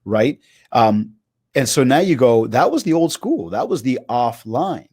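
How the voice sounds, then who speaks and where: A man talks through a video call in an eager, story-driven way, acting out quotes as he goes. His pitch sits mid-range and the sound is dry and close, with no room around it. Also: measured pace, breathy edge, no echo. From Canada. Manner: animated storyteller, acts out quotes. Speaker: keynote speaker guest. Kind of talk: casual interview chat.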